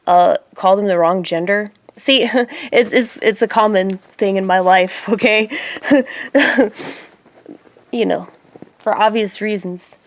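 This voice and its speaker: A woman chatting casually on her own video channel, rambling and laughing often, her voice swinging from loud asides to quiet murmurs. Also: medium pitch. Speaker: YouTuber. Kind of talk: casual vlog chat.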